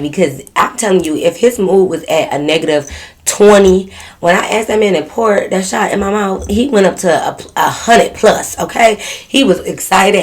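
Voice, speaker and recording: A woman vlogger casually telling a story straight to her viewers, chatty and full of "like" and "y'all". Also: sits low.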